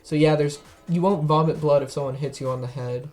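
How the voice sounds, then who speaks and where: A man's voice: fairly high pitch, steady tone, brisk, a little mellow, faint music behind. A young man streaming a video game, chatting casually and bursting into outraged protests at it. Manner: reactive, outraged bursts, swearing. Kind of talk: gaming livestream commentary.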